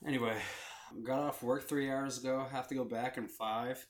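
A man's voice: medium pitch, steady tone, normal speed, slight background noise. A young man co-hosting a podcast, rambling through a story in casual chat and acting out the voices of the people in it. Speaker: podcast co-host.

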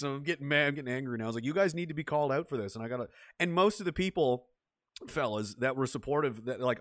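A man hosting a casual podcast chat, ranting fast and profanely, with frequent restarts, on a close mic. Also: medium pitch, fairly bright tone, dry recording.

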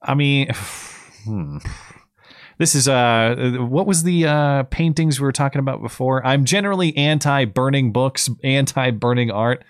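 A man hosting a live call-in show, relaxed, wry and questioning. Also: medium pitch, unhurried, clear, resonant tone, no echo, studio quality. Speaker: host. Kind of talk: casual call-in chat.

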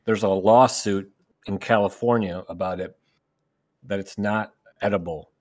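A man co-hosting a casual fantasy football podcast, relaxed, with lots of "like" fillers and deadpan jokes. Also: fairly low pitch, measured pace. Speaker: podcast co-host.

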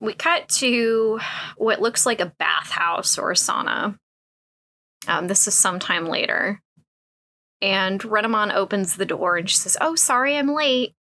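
A woman hosting a casual comedic commentary show with a bright, crisp voice. She talks frankly and crudely, laughs often, and fills her sentences with "like" and "um.". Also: medium pitch, measured pace.

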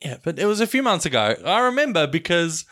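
A man's voice: high-pitched, very animated, fast, fairly bright tone. A man hosting a casual film podcast, chatting animatedly and acting out quoted people. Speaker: podcast host.

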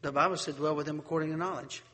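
A middle-aged male pastor delivers a sermon with a fairly high voice, throwing rhetorical questions out to his congregation. His words ring out with a long hall reverb around them. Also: fairly even intonation, racing, pushed and bright.

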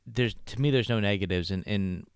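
A man's voice: on the low side, fairly quick, creaky, smooth, no echo, studio quality. A man co-hosting a casual sports podcast, talking in an easygoing, explanatory way. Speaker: podcast co-host.

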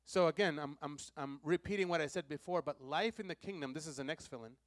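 A man preaching a sermon, leading the congregation in call-and-response and repeating key lines, swinging between loud emphasis and soft, low asides. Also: quick pace, no echo, clean studio sound. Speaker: pastor.

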